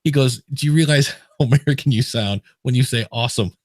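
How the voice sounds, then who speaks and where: A man's voice: medium pitch, quick pace, dry recording, studio quality. A man hosting a podcast, chatting casually and telling anecdotes with easy laughter. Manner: storytelling, laughs easily. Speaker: podcast host.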